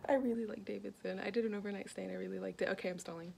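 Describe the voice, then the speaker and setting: A woman's voice: medium pitch, steady tone, very fast, creaky, dark tone, slight background noise. A young woman from North Carolina talking casually in a vlog, chatty and full of "like" fillers. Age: young adult. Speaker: vlogger.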